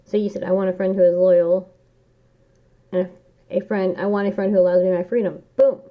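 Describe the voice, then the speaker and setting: Speaking briskly with fairly even intonation, this tarot reader's mid-range voice stays earnest and encouraging through a casual reading. She returns to key phrases mantra-style, captured on a dull lo-fi home setup.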